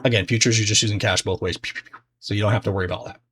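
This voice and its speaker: A man's voice: fairly low pitch, steady tone, racing, a bit bright, husky. Casual, rambling male trading teacher. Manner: loose and conversational, many fillers and restarts. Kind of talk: casual explanatory lesson.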